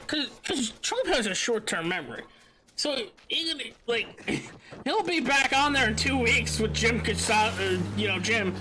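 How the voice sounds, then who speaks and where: High-voiced man in a noisy stream. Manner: animated, mimics people in quick bits. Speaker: livestream co-host. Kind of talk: casual chat while gaming.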